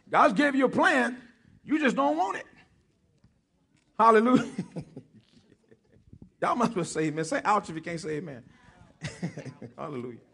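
High-voiced husky preacher. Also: male voice, lively intonation, a little slow, long pauses, bright, forceful tone. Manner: joking with the congregation, calling for responses; repeats key phrases for emphasis. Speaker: pastor. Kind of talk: sermon.

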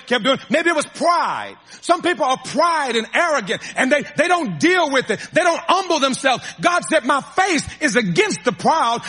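A man's voice: very high-pitched, sharp tone, slightly rough, long reverb tail. A man preaching a sermon, calling to his congregation and repeating phrases to drive points home.

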